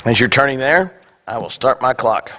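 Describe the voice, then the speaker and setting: A male pastor with a raspy, hoarse voice, mixing wry self-deprecating jokes with a scripture reading. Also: mid-range voice, animated, moderate pace, bright, forceful tone, a little hiss or hum. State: hoarse, coughing. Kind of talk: sermon.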